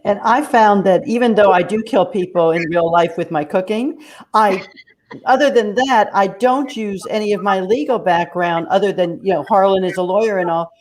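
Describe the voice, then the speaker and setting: A woman's voice: medium pitch, normal speed, darkish tone. A woman speaking as an author on a video-call panel, with a dry, wry manner. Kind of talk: casual panel discussion.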